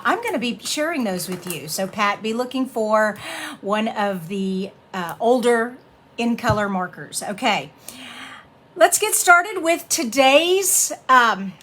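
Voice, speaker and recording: A middle-aged woman hosting a casual card-making tutorial, chatting warmly and laughing as she reads sayings aloud. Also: fairly high pitch, slight background noise.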